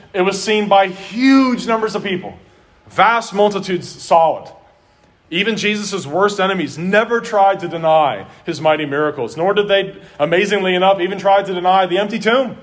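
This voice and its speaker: Earnest preaching man, slightly high voice. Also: moderate pace. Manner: earnest preaching, varies pace and volume for emphasis. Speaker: pastor. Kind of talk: sermon.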